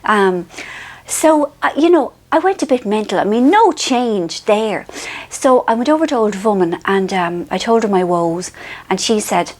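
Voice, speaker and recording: A woman's voice: medium pitch, expressive, a little slow, darkish tone. A middle-aged Irish woman telling a rambling, self-mocking story in a casual monologue. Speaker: author and vlogger.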